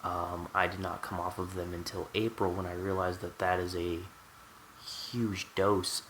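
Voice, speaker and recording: A man with a slightly low but bright, forceful voice tells a personal story straight to camera. His delivery is candid and wry, in a casual storytime vlog. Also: little pitch movement, a little slow, slight background noise, poor audio. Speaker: vlogger.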